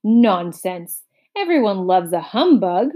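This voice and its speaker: A woman's voice: fairly high pitch, animated, measured pace, muffled recording. A woman voicing a pompous, boastful old male humbug bug in a storybook read-aloud, blustering and grandiose.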